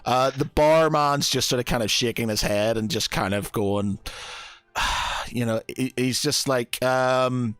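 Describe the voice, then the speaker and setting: A man's voice: medium pitch, measured pace, a bit bright, clear, resonant tone, no room sound. A man narrating as game master, hesitant and full of fillers. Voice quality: hesitant, lots of fillers, laughs easily.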